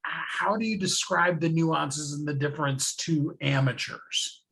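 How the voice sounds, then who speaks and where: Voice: medium pitch, unhurried, creaky, a bit bright, husky, poor audio. An interview host asking easygoing questions in a casual chat.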